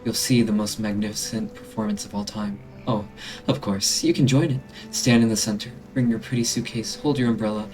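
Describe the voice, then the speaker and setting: A man doing a grandiose showman who mocks his audience in a low voice, with crude taunts and a sweeping theatrical delivery. Faint music plays beneath the amateur game voice acting. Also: a little mellow, close to an everyday voice. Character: theatrical male showman announcing a bloody spectacle.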